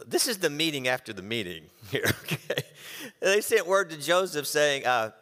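Guy preaching in a church, bright forceful voice, big hall reverb. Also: fairly high pitch, measured pace. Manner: animated, reads scripture and acts out quotes. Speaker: pastor. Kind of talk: sermon.

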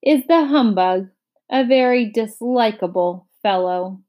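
A woman voicing an excitable, indignant male spelling bee in a storybook read-aloud, shrill and quick to outrage. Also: lightly acted. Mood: disdainful.

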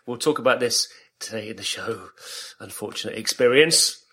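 A man's voice: on the low side, moderate pace, slightly rough. A man from England co-hosting a podcast, joking and rambling in casual chat. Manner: animated, joking, rambling storyteller. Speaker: podcast co-host.

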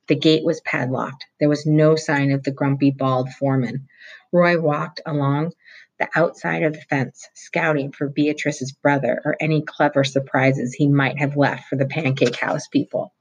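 A reader reading a novel chapter aloud at a steady pace, with small slips and restarts. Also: medium pitch, husky, rough recording. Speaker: audiobook reader.

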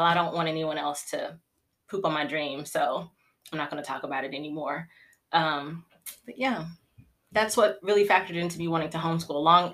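A woman's voice: on the low side, a bit bright. A woman in her thirties hosting a casual live-stream Q&A about homeschooling, chatty and rambling, getting emotional and laughing. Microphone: phone or computer mic, live stream.

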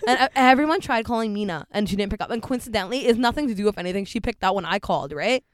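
A young woman in casual chat, telling an animated story full of swearing and quoted voices. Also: medium pitch, rapid-fire.

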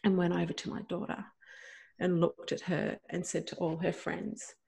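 A middle-aged woman, a guest telling a personal story in an emotional, animated way with many fillers. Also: on the low side, moderate pace, vocal fry.

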